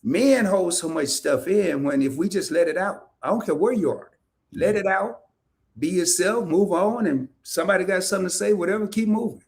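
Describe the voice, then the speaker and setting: A man hosting a casual livestream interview, chatty and animated, laughing often as he reads comments. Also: sits high, moderate pace. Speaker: podcast host. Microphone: streaming setup, remote call.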